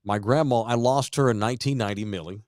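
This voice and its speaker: A Texan man in his forties hosts a podcast, telling a family story in casual, profane chat as an animated storyteller who shouts the quoted lines. His medium-pitched voice moves fast, recorded with clean studio sound and no room sound.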